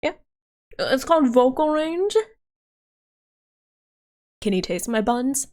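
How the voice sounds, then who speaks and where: Woman streamer, high voice and unhurried delivery, giggly, rambling, tired and worn out. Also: big pitch swings, a little mellow. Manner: giggly and rambling, with many restarts. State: tired, voice wearing out. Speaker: VTuber streamer. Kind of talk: casual live-stream chat.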